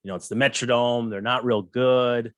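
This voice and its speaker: A man's voice: medium pitch, steady tone, normal speed, a bit bright, dry recording, clean studio sound. A man in his thirties co-hosting a podcast, asking questions in an eager, chatty way. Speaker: podcast co-host. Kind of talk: casual interview questions.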